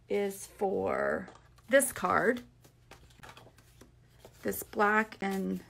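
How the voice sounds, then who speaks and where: A woman's voice: mid-range voice, vocal fry, fairly bright tone. A woman giving a casual, upbeat craft tutorial, chatting to viewers as she walks through a card kit. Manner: chatty and upbeat, many fillers and asides. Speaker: craft demonstrator.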